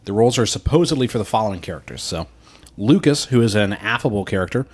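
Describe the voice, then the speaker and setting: A man's voice: fairly low pitch, lively intonation, quick pace, slightly rough. A man co-hosting a podcast in casual chat, laughing often and acting out quotes in silly voices. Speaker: podcast co-host.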